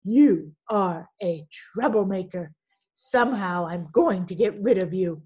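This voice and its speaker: A woman's voice: mid-range voice, animated, unhurried, a little mellow, slightly rough, highs cut off. A woman voicing a middle-aged schoolteacher who coaxes her students and grumbles when annoyed. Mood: grumbling. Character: stern elementary teacher, middle-aged woman.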